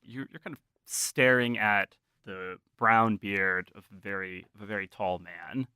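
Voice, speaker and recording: Bright-voiced man running a tabletop game. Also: lowish voice, steady tone, clean tone, dry recording, clean studio sound. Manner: casual, halting, full of "like" and "kind of". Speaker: game master. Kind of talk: narrating a tabletop horror game.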